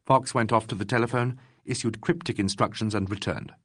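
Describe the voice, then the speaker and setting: A man narrating a classic mystery audiobook in an expressive storytelling manner. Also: on the low side, brisk, no echo, clean studio sound. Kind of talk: scripted narration.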